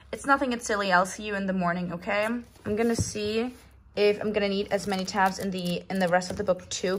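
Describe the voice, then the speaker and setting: A woman's voice: mid-range voice, fairly bright tone, slight background noise. A young woman chatting on a book vlog, gushy and emotional as she talks about reading. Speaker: book vlogger. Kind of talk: casual vlog chat.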